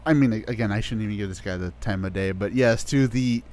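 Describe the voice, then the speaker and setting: Profane, animated podcast storyteller man. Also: on the low side, fast talker. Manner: profane, animated storyteller acting out his side of arguments. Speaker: podcast co-host. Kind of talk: casual podcast chat.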